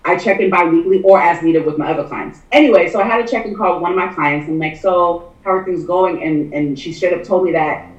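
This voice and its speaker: A woman's voice: lowish voice, quick pace, lo-fi sound. A woman speaking as a matchmaker guest in a casual podcast chat, earnest and emphatic, repeating key phrases. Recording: echoey room, distant mic.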